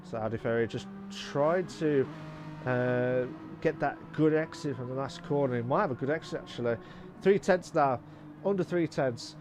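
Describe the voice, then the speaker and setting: A man commenting live on a sim race, excitable and repeating phrases, breaking into shouts. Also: medium pitch, normal speed, background noise.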